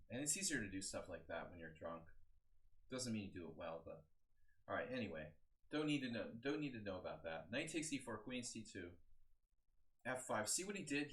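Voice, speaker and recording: A man in his forties with a slightly low voice talks through chess games on a live stream. He rambles casually, stops to greet viewers, and drifts into side chat before going back to the moves. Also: fairly bright tone. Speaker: chess coach. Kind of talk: live-streamed game analysis.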